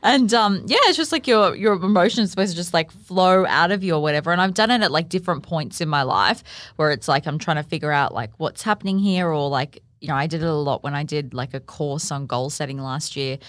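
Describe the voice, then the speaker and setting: A woman's voice: deep voice, brisk, fairly bright tone, dry recording. A woman co-hosting a podcast, explaining things in a rambling, casual chat. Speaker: podcast co-host.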